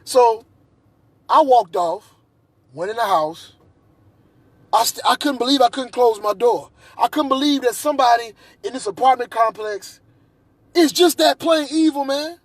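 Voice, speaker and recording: Man, high husky voice, heated ranting monologue with restarts. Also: a little slow, pauses often, no echo. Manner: agitated, repetitive, restarts often. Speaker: vlogger.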